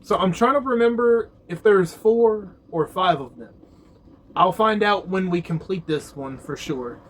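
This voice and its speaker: A man's voice: high-pitched, a little slow, a little hiss or hum, poor audio. A man giving casual, profane gameplay commentary, ranting about games as a YouTuber. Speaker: gaming YouTuber.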